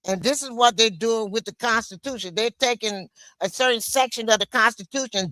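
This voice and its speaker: A woman's voice: mid-range voice, pushed and bright, no room sound. A woman from the United States hosting a solo livestream, venting in an impassioned, emphatic way. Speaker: livestream host.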